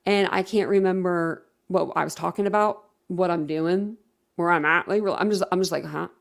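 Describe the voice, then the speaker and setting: A livestream host with a lowish, fry-tinged voice talks at normal speed, reading viewer comments aloud. Her casual chatter rambles, packed with fillers and self-corrections.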